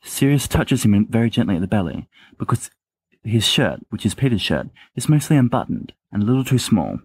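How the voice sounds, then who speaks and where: A man's voice: fairly low pitch, big pitch swings, fairly quick, darkish tone, husky, dry recording. A man narrating a story in an amateur audiobook reading, plainly, with small restarts. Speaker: podfic reader.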